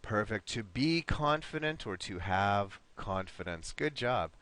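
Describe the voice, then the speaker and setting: Slow, lively-voiced man teaching online. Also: lowish voice. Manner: patient, encouraging, repeats words slowly for students. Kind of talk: online vocabulary lesson.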